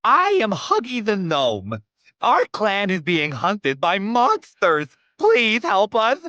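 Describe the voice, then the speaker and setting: A man voicing a small, timid male gnome in a text adventure game, pleading in a high, drawn-out way. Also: huge pitch swings, bright, forceful tone, no room sound, lo-fi sound, exaggerated voice. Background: background music.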